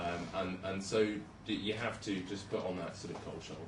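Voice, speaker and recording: Give me a low-voiced young man, chatty and hesitant, in an echoey hall. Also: fairly quick, hardly any pauses, background noise. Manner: chatty, self-deprecating, hesitant with many ums. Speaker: junior doctor giving a talk. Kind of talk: casual presentation with slides. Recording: roomy hall, speaker far from mic.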